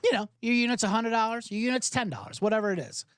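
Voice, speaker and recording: A man's voice: high voice, sing-song, fast, a bit bright, clean tone, dry recording, studio quality. A man hosting a sports betting podcast, talking in a hyped, rambling way, swearing and spinning jokey analogies. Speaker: podcast host.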